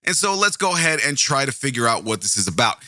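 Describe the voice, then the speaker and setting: A man's voice: mid-range voice, sing-song, fast talker, bright, forceful tone, no room sound, studio quality. A man hosting a casual true-crime podcast, rambling, interrupting himself and swearing casually. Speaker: podcast host.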